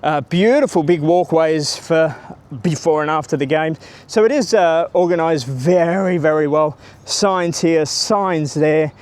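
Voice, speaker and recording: A man's voice: fairly high pitch, a little slow, hardly any pauses, a little mellow. Chatty man vlogging on a walk. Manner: chatty and rambling, greets passers-by. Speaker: travel vlogger. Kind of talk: casual walking tour vlog. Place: outdoors by a city stadium, walking.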